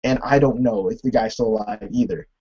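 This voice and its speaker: A young man recapping a TV episode in a rambling, animated way, laughing often and saying "like" a lot. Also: fairly low pitch, fairly quick, breathy edge, dull audio. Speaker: TV episode reviewer. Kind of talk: casual recap and commentary.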